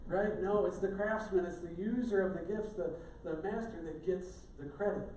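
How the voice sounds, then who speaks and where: Speaking at a normal pace, a middle-aged male pastor with a high-sitting, darkish voice gives a conversational, humorous sermon. There's slight background noise, and the distant mic picks up the echo of the church sanctuary.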